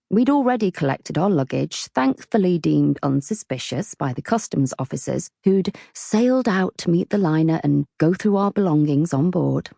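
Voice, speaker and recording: A woman narrating a novel in the first person, her voice low and mellow with a gravelly edge. She tells the story in a cheeky, wry way, close to the mic in a dry studio. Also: dry recording. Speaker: audiobook narrator.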